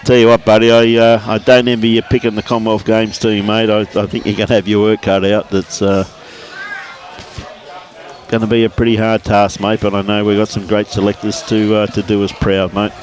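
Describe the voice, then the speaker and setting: Chatty man, low voice. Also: flat delivery, a little fast. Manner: chatty, laid-back, calls people mate and buddy. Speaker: bowls commentator. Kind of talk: casual livestream commentary. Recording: outdoors at a bowls green.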